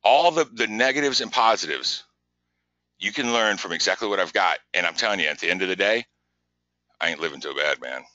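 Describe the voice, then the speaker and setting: A man hosts a live business webinar, driving his points hard and circling back over his words. His voice is sharp and forceful, a little low. The sound is dry and dull, like a lo-fi close mic. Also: a little fast, no room sound. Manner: energetic, repetitive, pushy coaching. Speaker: webinar host.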